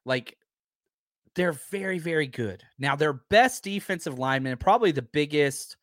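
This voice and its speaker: A man's voice: on the high side, animated, normal speed, fairly bright tone, no room sound, clean studio sound. A man hosting a live sports talk stream, ranting casually and animatedly, swearing and interrupting himself. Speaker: sports talk show host.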